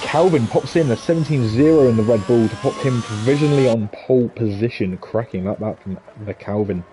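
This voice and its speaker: A man with a Scouse accent commentating a sim racing league, excitable and jokey. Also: a little fast, slight background noise. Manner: excitable and jokey, pitch leaping on big moments. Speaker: race commentator.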